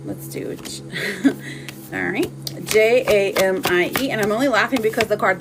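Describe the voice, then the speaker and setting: A woman giving casual tarot readings on a live stream, chatting warmly with viewers and laughing often. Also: medium pitch, rough recording.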